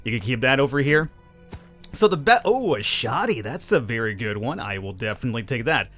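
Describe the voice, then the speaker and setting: A gaming channel host, his mid-range voice sing-song, a little fast and slightly bright, riffs through a casual let's-play. He's jokey and sarcastic, firing rhetorical questions at the audience over the game's music.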